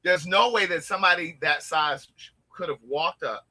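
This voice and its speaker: This man talks in a very bright, slightly high voice. He gossips in a casual chat, animated and quick to act out what other people said. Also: low-quality recording. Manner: animated, gossipy storytelling with quoted asides. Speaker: host.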